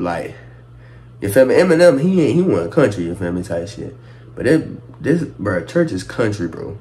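A man's voice: medium pitch, darkish tone, reverberant. A man hosting a music reaction video, hyped and laughing, talking in slangy bursts as he reacts. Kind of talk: excited music reaction commentary.

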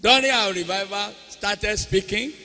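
A Nigerian man preaches at a church convention, voice high and piercingly bright. He gives blunt commands to the crowd. His words ring back off the long reverb of a large hall. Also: measured pace. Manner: commanding, calls to the congregation. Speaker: pastor. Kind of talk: church service exhortation.

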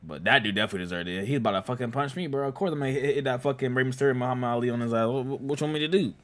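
A young man hosting a casual movie reaction, excitable and slangy, laughing and swearing as he talks to viewers. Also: medium pitch, racing. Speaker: reaction host.

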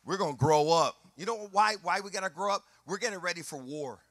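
High-voiced, bright-toned man preaching a sermon. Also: fairly quick, no echo. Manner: animated preaching, swinging from quiet asides to shouted passages; acts out voices of people and scenes in his preaching. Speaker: pastor.

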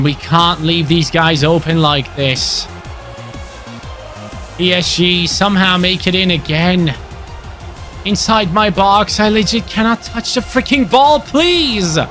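A young man commentating his own football video game match, swinging between grumbling and excited shouting. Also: high voice. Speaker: gaming YouTuber. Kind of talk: gameplay commentary.

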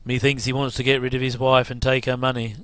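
Middle-aged man, casual watch-along commentator, smooth and close-miked. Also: mid-range voice, flat delivery, quick pace, a bit bright, no echo. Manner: chatty, jokey asides with chuckles. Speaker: commentary host.

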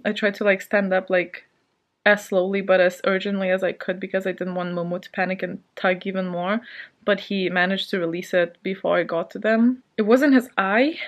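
A woman book vlogger chatting casually from her bed at home, shaken and anxious, rambling with lots of fillers and nervous little laughs. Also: medium pitch. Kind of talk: casual vlog chat.

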